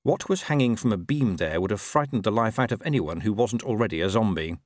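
A man reading a story as narrator, wry and expressive. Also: on the low side, fairly quick, no echo, clean studio sound. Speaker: audiobook narrator. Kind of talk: scripted narration.

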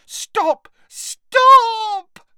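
A man voicing a whiny teenage girl ghost in an audiobook reading, crooning and shrieking in a high, wailing voice. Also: expressive, very slow, bright, forceful tone, dry recording, clean studio sound, exaggerated voice.

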